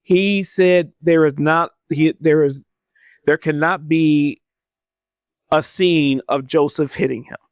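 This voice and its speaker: Slightly high-voiced man, dry and close. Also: fairly even intonation, no echo. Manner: thoughtful, halting, restarts often. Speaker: podcast guest. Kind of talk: casual chat.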